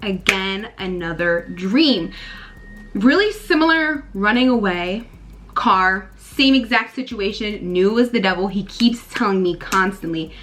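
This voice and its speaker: A young woman in her twenties chatting casually to camera, telling a personal story in an animated way and talking to her viewers as y'all. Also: medium pitch, unhurried, a little hiss or hum.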